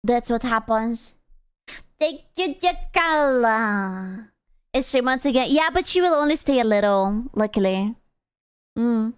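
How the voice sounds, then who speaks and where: A young adult woman streams and chats with her audience in a casual, teasing way, with crude jokes along the way. Her voice sits high and comes through clean and smooth. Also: animated, slow. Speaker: VTuber streamer.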